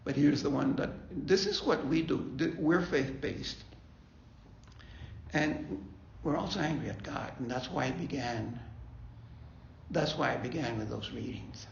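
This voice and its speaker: Gravelly man leading a grief group. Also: mid-range voice, measured pace, slight background noise. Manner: conversational, repeats himself, asks "okay?". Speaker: grief ministry leader. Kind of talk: faith-based bereavement talk. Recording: echoey room, dull lo-fi sound.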